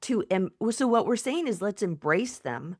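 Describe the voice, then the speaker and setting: A woman psychotherapist and coach speaking as a podcast guest, giving gentle advice and acting out kind, soothing self-talk. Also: mid-range voice, animated, normal speed, no echo, studio quality. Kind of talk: warm conversational advice.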